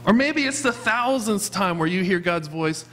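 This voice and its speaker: Man preaching, pastor, high voice, earnest questioning, faint hum behind. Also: animated, normal speed, a bit bright. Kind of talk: sermon. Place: church sanctuary.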